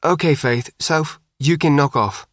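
A man voicing a brisk, wry mother in her forties, lifting his pitch and quickening for her lines. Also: no echo, clean studio sound. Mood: strained. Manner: raised pitch, lively, quick. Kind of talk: audiobook reading.

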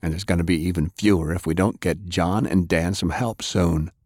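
A man's voice: low-pitched, steady tone, normal speed, a little mellow, dry recording, clean studio sound. A man reading an audiobook, voicing a somber, resolute older knight who leads a dwindling order. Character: grim older male knight, weary leader.

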